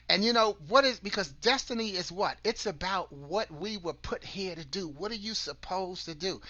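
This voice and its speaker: Earnest motivational man, bright voice. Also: high-pitched, dry recording, highs cut off. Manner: earnest, repeats words and restarts, asks listeners questions. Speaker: host of an online broadcast. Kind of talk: motivational talk with scripture.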